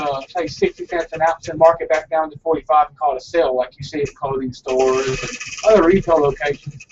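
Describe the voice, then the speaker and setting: A man's voice: on the high side, distant mic. Male shop owner, earnest rambler; dull lo-fi recording, faint background noise. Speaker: frozen yogurt shop owner. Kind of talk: casual live broadcast chat.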